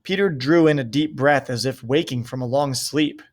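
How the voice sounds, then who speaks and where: A man reading a novel aloud in a steady, measured way. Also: mid-range voice. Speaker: reader.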